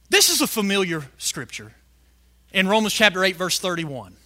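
A male preacher delivering a fiery sermon, shouting some lines and stretching words out slowly for emphasis. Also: high-pitched, very animated. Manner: fiery, shouting emphasis with big swings in loudness.

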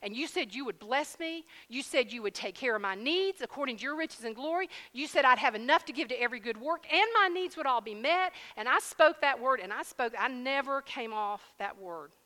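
Bright-voiced woman preaching in a hall. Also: sits high, a little fast, few pauses. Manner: lively storytelling, addresses audience as y'all. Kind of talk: sermon testimony and prayer.

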